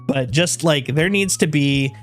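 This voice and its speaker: A man's voice: fairly high pitch, unhurried, a bit bright, soft background music. A man chatting casually on his game livestream. He rambles with restarts and laughs, and coos at his dog in doting baby talk. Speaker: game streamer.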